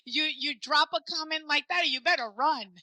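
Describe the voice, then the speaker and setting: A podcast host leads a casual conversation, telling stories animatedly and dropping in Spanish phrases. Her voice is high and sharp at a moderate pace, with no echo but poor audio.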